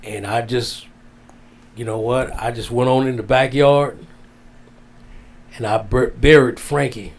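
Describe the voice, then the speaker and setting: A man telling a heartfelt story as a guest, drawn out, dropping low and soft on the sad parts. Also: steady tone, unhurried, gravelly, pauses often. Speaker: wrestling guest. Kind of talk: storytelling in casual interview.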